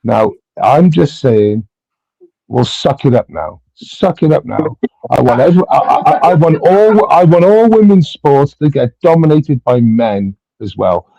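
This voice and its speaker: A British man arguing hot topics on a livestream panel, stammering and repeating himself before he lands his point, swearing freely. His voice is dark and mellow. The sound is dry and a little dull, like a lo-fi stream mic. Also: a little high, expressive, unhurried, vocal fry, dry recording. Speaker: panel host. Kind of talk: heated casual debate.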